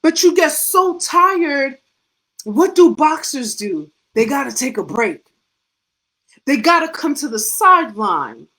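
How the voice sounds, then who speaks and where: A woman's voice: sits high, big pitch swings, slow, sharp tone, low-quality recording. A middle-aged woman and faith coach giving a devotional pep talk, full of rhetorical questions and punchy repetition, with casual vernacular slang.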